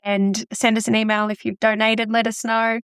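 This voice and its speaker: A woman's voice: on the high side, flat delivery, normal speed, a bit bright, smooth, no room sound, studio quality. A woman hosting a podcast interview. She reacts effusively and emotionally to her guest. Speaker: podcast host. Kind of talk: warm interview wrap-up.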